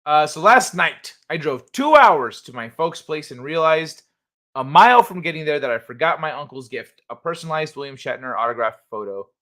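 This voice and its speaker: A livestream host with a fairly high, bright, forceful voice and lively intonation talks at normal speed. He chats casually and reads viewers' messages aloud, adding loose, profane asides that trail off into mumbles.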